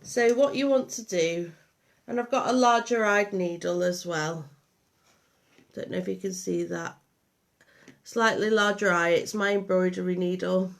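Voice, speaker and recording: A woman's voice: lowish voice, steady tone, measured pace, vocal fry, pauses often. A woman with a Liverpool and Lancashire accent hosting a live craft demonstration, chatty and meandering with many ums and restarts. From Liverpool and Lancashire, England. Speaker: craft workshop host.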